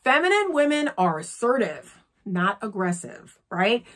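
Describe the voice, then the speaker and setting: A woman's voice: medium pitch, very animated, a little slow, fairly bright tone. A woman speaking as a relationship coach, earnest and instructive. She talks straight to her viewers and checks in with them often. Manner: earnest, coaching, frequent "okay?" check-ins. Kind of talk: instructional talk to camera.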